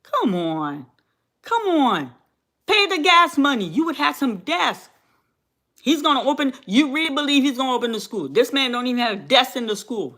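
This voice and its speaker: A woman's voice: on the high side, fairly bright tone. Fiery woman ranting on a livestream. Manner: fiery, repetitive, exclamatory, talks back to chat. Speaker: livestream host. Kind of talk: heated livestream rant.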